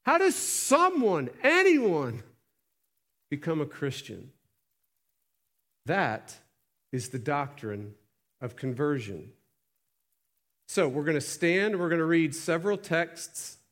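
A man preaching a sermon in church, reading scripture aloud and asking emphatic questions, swinging between loud and hushed delivery. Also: on the high side. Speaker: pastor. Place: church sanctuary.

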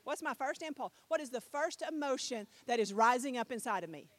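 A middle-aged woman preaching a sermon, telling a story with animated swings between loud and soft and putting questions to her listeners. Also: high voice, fairly quick. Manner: talks with the audience, asks them questions.

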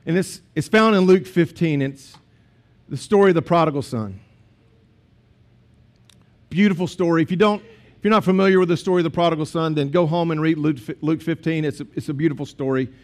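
A man's voice: a little high, brisk, a little mellow. A man, a pastor preaching a sermon in a conversational storytelling way with asides to the congregation.

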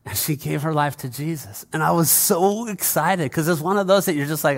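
A man's voice: on the high side, quick pace, hardly any pauses, a bit bright. A male pastor preaching a conversational sermon in church, often calling out to the congregation.

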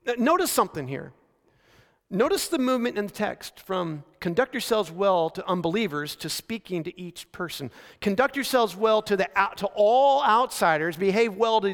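A man with a notably high voice delivers a sermon like a friendly story, easing off the pace to lean on key lines. His words ring out with the long, trailing reverb of a big church sanctuary. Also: fairly bright tone. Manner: conversational storytelling preaching with frequent slowdowns for emphasis. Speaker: pastor. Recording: long reverb of a large hall.

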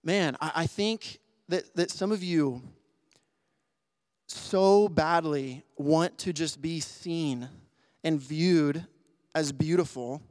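A man's voice: on the high side, takes it slowly, darkish tone, no echo. Earnest man preaching, close dry sound. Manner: earnest, conversational, with restarts and "like"; emotional. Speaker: pastor. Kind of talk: sermon.

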